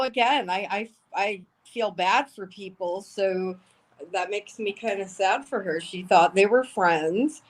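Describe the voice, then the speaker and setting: A woman's voice: fairly low pitch, low-quality recording. A woman giving casual live-stream commentary, blunt and swearing often, with emotional asides. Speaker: livestream commentator.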